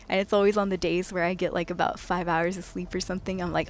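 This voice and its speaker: A woman's voice: fairly low pitch, fairly even intonation, quick pace, hardly any pauses. A woman game streamer chatting casually to her viewers, laughing often and talking straight to them. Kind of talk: casual live-stream chat.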